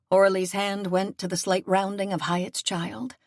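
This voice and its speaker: A woman narrating a historical novel audiobook in a steady, measured voice on a close studio mic. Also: fairly low pitch, no echo. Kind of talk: scripted narration.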